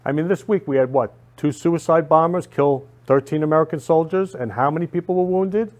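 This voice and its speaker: A man's voice: fairly high pitch, brisk, darkish tone. Earnest man hosting a local show. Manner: earnest, emphatic, repeats himself. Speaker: host. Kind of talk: casual monologue.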